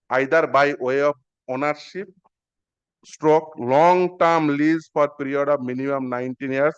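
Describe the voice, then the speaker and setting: A man argues his case in a courtroom. He is formal and deferential, and he keeps addressing the bench as "my lord." His voice is smooth and a little high, and the live-stream audio sounds dull and muffled. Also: a bit bright. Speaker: petitioner arguing in court. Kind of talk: courtroom argument.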